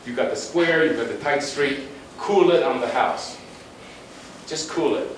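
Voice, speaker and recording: A man's voice: fairly high pitch, a little slow. Guy giving a blunt, chatty slide talk, mic far off, lots of room echo. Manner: emphatic and conversational, with blunt asides. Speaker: guest lecturer on urban planning. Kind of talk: conference presentation with slides. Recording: very echoey room, distant mic, faint noise.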